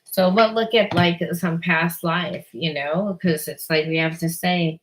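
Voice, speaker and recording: A woman's voice: fairly low pitch, steady tone, a little slow. A woman giving a spiritual card reading, rambling and blunt, often repeating herself and swearing casually. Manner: rambling, repeats words and restarts. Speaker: psychic reader.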